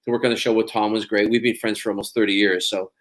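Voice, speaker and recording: A man's voice: fairly low pitch, flat delivery, fast. A man, an actor being interviewed, talking casually and rambling with many restarts.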